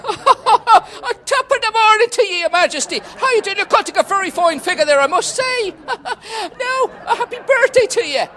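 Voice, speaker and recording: A flustered Irish queen rattles on in a rush, as a woman puts her on. She sounds high and animated, babbling and stumbling over her words. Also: exaggerated voice. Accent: put-on Irish. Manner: flustered, rushed. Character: bumbling Irish queen dancing a jig.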